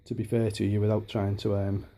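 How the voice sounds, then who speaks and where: A man's voice: lowish voice, monotone, brisk, mellow. A man talking to camera in a casual vlog, hesitant with many ums and restarts. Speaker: YouTuber.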